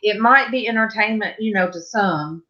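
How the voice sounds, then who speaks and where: A woman host chatting casually on a panel, telling a family story with lively asides. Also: medium pitch, moderate pace, lo-fi sound. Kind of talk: casual chat. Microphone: video call.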